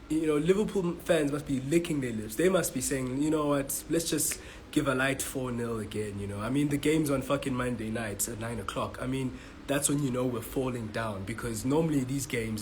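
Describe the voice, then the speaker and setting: A man's voice: mid-range voice, a little hiss or hum, rough recording. A man from South Africa giving a frustrated, swearing match reaction as a football fan vlogger, stumbling and repeating himself. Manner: frustrated, swearing, repetitive restarts.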